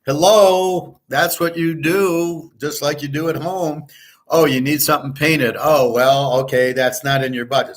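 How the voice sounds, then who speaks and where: A man from Michigan riffs on his own in a casual monologue. His voice sits at an ordinary middle pitch. He rambles bluntly and swears freely. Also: fairly bright tone. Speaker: host.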